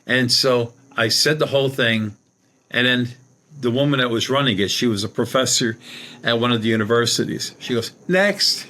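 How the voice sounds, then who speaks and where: With a mid-range voice, fairly even intonation and a moderate pace, a man with a sharp tone rambles through a personal anecdote. He's a psychic medium appearing as a guest, and he quotes others casually with "she goes".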